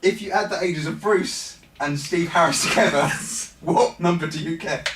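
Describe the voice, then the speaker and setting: A man's voice: on the high side, moderate pace, background noise. A man hosting a playful quiz-style interview for the radio, teasing his guest and laughing along. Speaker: radio presenter. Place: backstage room at a concert venue. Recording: roomy, mic at a distance.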